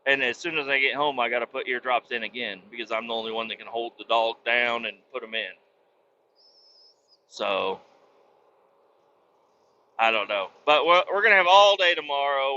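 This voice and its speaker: A man's voice: mid-range voice, moderate pace, pauses often, pushed and bright, lo-fi sound, slight background noise. A man telling stories in a casual, profane, rambling monologue as the host, talking from his truck. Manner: profane, blunt storytelling. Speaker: podcast host.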